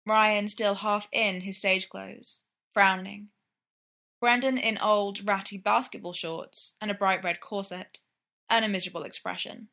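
A woman reading fiction aloud in a measured, even storytelling manner. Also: medium pitch, gravelly. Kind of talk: audiobook fiction narration.

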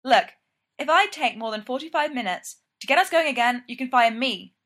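A woman voicing an excitable, cheeky young male engineer with a playful, upbeat way of talking. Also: sits high, normal speed.

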